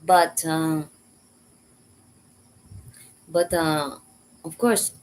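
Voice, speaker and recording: A woman casually telling a personal story in halting, repetitive English. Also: low-pitched, steady tone, a little mellow, low-quality recording. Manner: halting, repeats words, simple learner English.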